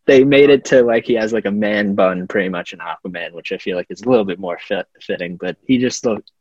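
A man's voice: fairly low pitch, a little mellow, no echo. A young man co-hosting a podcast, chatting casually about a movie and stumbling over his words with many restarts. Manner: halting, stammering restarts. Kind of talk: casual movie review chat. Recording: dull lo-fi mic.

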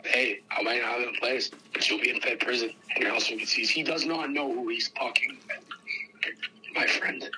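Bright-voiced young man ranting profanely. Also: medium pitch, fairly even intonation, moderate pace, a little hiss or hum, poor audio. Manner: profane, agitated, swings between loud and hushed. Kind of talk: heated casual rant.

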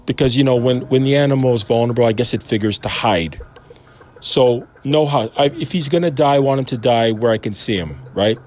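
A man's voice: mid-range voice, fairly quick, darkish tone. A man in his fifties telling a personal faith story in an earnest, rambling, self-questioning way. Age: 50s. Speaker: Christian storyteller. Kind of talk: personal testimony monologue.

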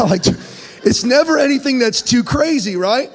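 A male pastor preaching a sermon, animated and joking as he tells stories and reads scripture aloud. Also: very high voice, moderate pace. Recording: long reverb in a large hall.

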